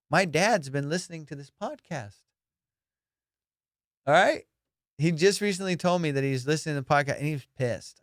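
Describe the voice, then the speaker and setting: Profane, animated man telling stories into a dry mic. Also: mid-range voice, no echo. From immigrant, raised abroad. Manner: profane, animated, acts out both sides of dialogues. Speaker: podcast host. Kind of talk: casual comedic storytelling.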